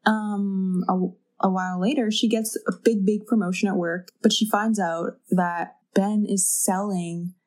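A young woman co-hosting a podcast, chatting casually, laughing along and reacting quickly. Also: medium pitch, steady tone, darkish tone. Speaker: podcast co-host. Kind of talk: casual chat.

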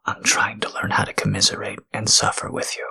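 A man in a whispered role-play, talking in a halting, tender, confessional way with a breathy, gravelly whisper. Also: bright, forceful tone. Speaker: podcast host.

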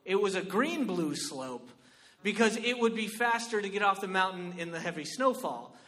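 High bright-voiced guy doing stand-up, animated, keeps saying right?, big reverby hall. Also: normal speed. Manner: animated, exclamatory, frequent rhetorical "right?". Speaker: comedian. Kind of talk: stand-up storytelling.

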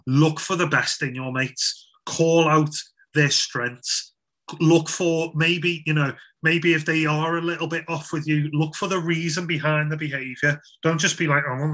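A man's voice: fairly high pitch, pushed and bright. A young man giving a casual, chatty Christian talk to young people, with frequent restarts and fillers. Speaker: youth speaker.

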